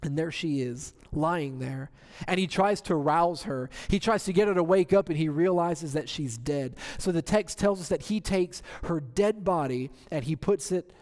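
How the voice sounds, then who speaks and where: A man's voice: fairly high pitch, normal speed, a little mellow, long reverb tail. A man preaching a sermon, retelling scripture dramatically and asking rhetorical questions. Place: church sanctuary.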